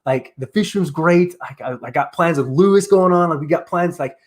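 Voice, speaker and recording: A man hosting a casual live stream, talking in an excitable, rambling way full of "like". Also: on the high side, moderate pace. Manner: excitable, rambling, heavy use of "like". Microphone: streaming setup on camera.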